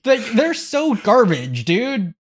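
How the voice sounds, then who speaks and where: A man co-hosting a podcast in casual chat, animated and laughing, swearing and acting out quick quotes. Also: high voice, husky. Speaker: podcast co-host.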